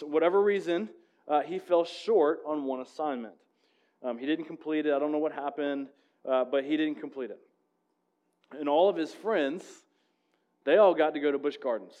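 A man's voice: on the high side, lo-fi sound. Man preaching a sermon, conversational. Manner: conversational storytelling with many restarts and fillers; drops to a hushed voice when telling the story. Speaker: pastor.

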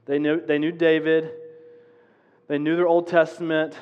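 A man in his thirties delivers a sermon as pastor, chatty and story-driven, his voice pitched a little high. The sound is somewhat dull, and a long church reverb trails after his words. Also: level tone, moderate pace, clean tone. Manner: conversational, storytelling with casual fillers. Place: church sanctuary.

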